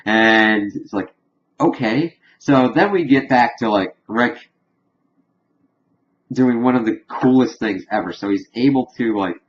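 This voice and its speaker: A man recapping a TV episode in a loose, rambling way, filling every pause with "like". His voice sits at an ordinary middle pitch. The recording is slightly dull and lo-fi. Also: slight background noise. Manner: rambling, heavy use of "like". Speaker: TV episode reviewer. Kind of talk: casual spoken episode recap.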